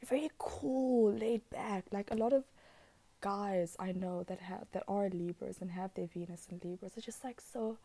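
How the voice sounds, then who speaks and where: An astrology vlogger with a warm, medium-pitched voice speaks at normal speed. Her astrology talk is casual and rambling, giggly and chatty, with free swearing and occasional whispered asides.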